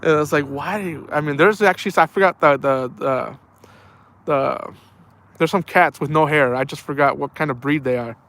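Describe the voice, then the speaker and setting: This outdoors streamer has a slightly high voice with a fairly bright tone and talks at normal speed. Casually live streaming a night fishing trip by the water, he meanders through stories and keeps calling his audience "man" and "bro."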